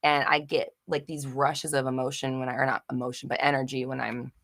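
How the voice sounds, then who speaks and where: A young adult woman hosting a live manifestation Q&A chat, expressive and loud, who swears freely and slips into shouty rants. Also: very deep voice, brisk. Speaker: manifestation channel host.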